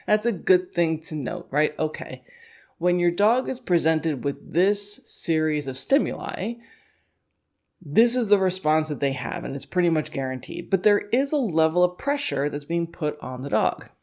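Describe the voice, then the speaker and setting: A woman teaching scent work to dog handlers in a relaxed, conversational podcast. She thinks aloud with plenty of "you know" and "like", laughing often. Now and then she slips into playful voices for a dog's thoughts. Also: sits low, a little slow. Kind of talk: casual instructional podcast talk.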